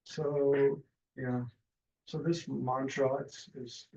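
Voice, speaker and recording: A man teaching a meditation class in a relaxed, hesitant way with many fillers and restarts, speaking over a video call. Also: mid-range voice, moderate pace, gravelly. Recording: distant, dull lo-fi mic.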